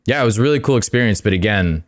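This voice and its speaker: A man's voice: lowish voice, animated, rapid-fire. Rambling young man telling stories. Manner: rambling storyteller, many fillers, swearing. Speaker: podcast guest. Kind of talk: casual chat.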